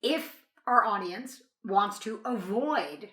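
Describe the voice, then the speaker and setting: A woman's voice: mid-range voice, animated, slow, fairly bright tone, echoey room. A woman hosting a casual interview, chatty, laughing often and using many fillers. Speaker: podcast host.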